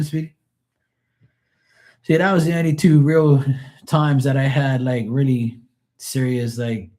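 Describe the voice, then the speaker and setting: A man in his forties hosts a live stream in a loose, rambling way. His voice is mellow and darker in tone, and he sits at an ordinary middle pitch. He swears freely as he tells stories. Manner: profane, rambling storyteller. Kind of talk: casual live stream chat.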